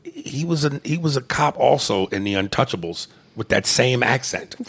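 A man chatting casually about a movie, animated, with exclamations and big jumps in pitch. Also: normal speed, slightly rough.

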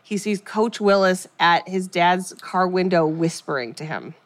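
A woman in her thirties co-hosting a podcast, animatedly retelling a film's plot in casual chat and dropping into quick character voices. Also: fairly low pitch, no room sound. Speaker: podcast co-host recapping a film.

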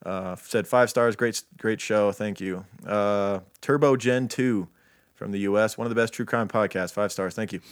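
Casual male podcast co-host, lowish pitch, dry close mic, laid-back. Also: fairly even intonation, normal speed, dry recording. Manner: laid-back, reads listener reviews aloud.

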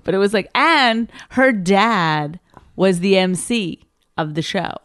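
A woman's voice: mid-range voice, slow, dry recording, studio quality. A woman comedian casually telling a story, chattering with lots of "like" and acting out what people said. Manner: animated, lots of "like" and "I go", acts out quoted voices. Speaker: stand-up comedian.

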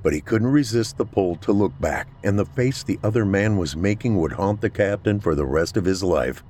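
A man narrates a horror serial in a scripted, measured way. His voice sits deep and low. The telling stays steady and controlled. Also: a little hiss or hum. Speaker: story narrator.

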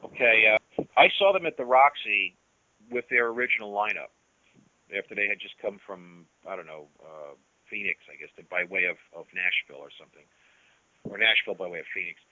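A man's voice: fairly low pitch, brisk, sharp tone, no echo, muffled recording. A man guesting on an interview, telling long stories in a loose, rambling way full of restarts and "you know". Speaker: guest musician. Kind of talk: casual storytelling interview.

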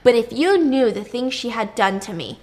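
A woman voicing a furious king who shouts in rage. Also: fairly high pitch, animated, normal speed, close to an everyday voice. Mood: enraged. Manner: shouting, raging. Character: furious, bullying male king.

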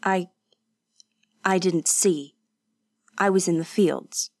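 An impatient, proud young man who answers curtly and earnestly, voiced by a woman narrator. The voice is on the low side and sounds close and dry. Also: slow pace, no room sound. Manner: curt, earnest, tense.

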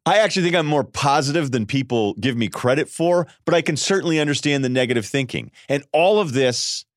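A man hosting a sports podcast, riffing in an animated, sarcastic solo monologue and mimicking people in quick voices. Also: mid-range voice, no echo, studio quality. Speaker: podcast host.

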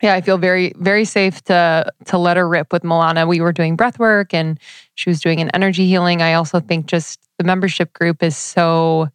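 A woman's voice: fairly low pitch, steady tone, normal speed, clear, resonant tone, no echo. A woman co-hosting a casual chat, speaking earnestly and reflectively with casual swearing. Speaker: podcast co-host.

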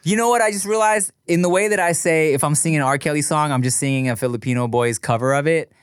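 A man's voice: on the high side, quick pace, clear, resonant tone, dry recording. Playful man podcast co-host, dry close mic. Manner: playful, sings and laughs a lot. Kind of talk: casual chat.

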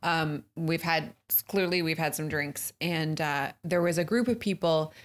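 A woman co-hosting a podcast, talking casually with a fairly low voice. She teases in an animated way. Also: a little slow. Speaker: podcast co-host. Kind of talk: casual chat.

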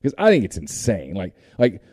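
Lively low-voiced man making his case. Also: normal speed, no room sound, clean studio sound. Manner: reasoning, argues points in long turns. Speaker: show co-host, recruiting analyst. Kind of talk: casual discussion.

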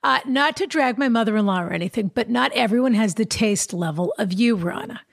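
A woman co-hosting an advice podcast, chatting playfully and reading listener letters slowly and evenly. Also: a little high, expressive, creaky, no room sound, clean studio sound. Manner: playful, likes doing silly accents. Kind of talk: casual chat and reading listener letters aloud.

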